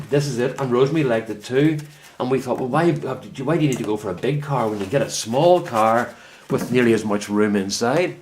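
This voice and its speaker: Speaking from his greenhouse, a Northern Irish vlogger with a mid-range voice chats casually to camera, rambling and correcting himself as he tells a story. There's slight background noise.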